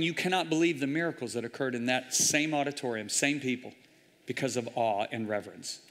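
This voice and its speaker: A man preaching a sermon, telling a story with intense drama and sudden loud bursts. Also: fairly high pitch. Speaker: guest preacher. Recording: hall reverb in a large church.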